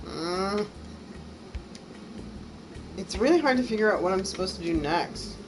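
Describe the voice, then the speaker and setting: A woman's voice: mid-range voice, expressive, unhurried, noisy background. An American woman streaming a game, chatting casually, gushing and laughing easily. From United States. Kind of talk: casual let's-play chat.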